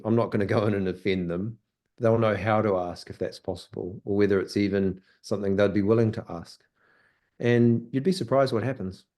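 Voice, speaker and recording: A man's voice: fairly low pitch, darkish tone. A man, a guest photographer talking on a video call, hesitant with many fillers and restarts. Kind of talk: casual video call discussion.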